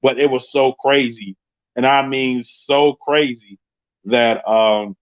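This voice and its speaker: New man, 30s, live-stream host, lively storyteller who mimics other voices, dry muffled sound. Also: mid-range voice, slow pace, no room sound. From Queens, New York. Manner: animated, acts out the voices of people in his story. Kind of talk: casual storytelling on a livestream.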